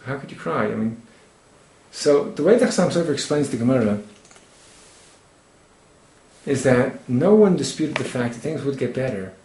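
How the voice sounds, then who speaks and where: A man's voice: medium pitch, lively intonation, moderate pace, pauses often, dark tone, echoey room, slight background noise, poor audio. A man giving a Torah lecture, quoting Hebrew texts and translating them as he explains. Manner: expounds texts, quotes Hebrew then translates. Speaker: Torah teacher.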